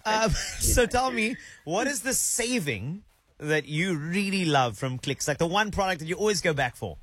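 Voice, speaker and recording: A male radio host talks to a caller in a teasing, jokey manner. His voice sits a little high, and the studio sound is dry and close. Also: normal speed, slightly rough, no room sound. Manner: jokey, teasing, animated banter. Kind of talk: playful radio phone-in chat.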